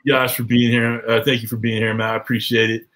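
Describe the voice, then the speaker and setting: A man's voice: medium pitch, little pitch movement, quick pace, fairly bright tone, low-quality recording. Brief: male livestream host, loose banter, curses freely, slight hiss behind. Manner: loose, swearing, laughing banter. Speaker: live show host. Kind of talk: casual live-stream chat.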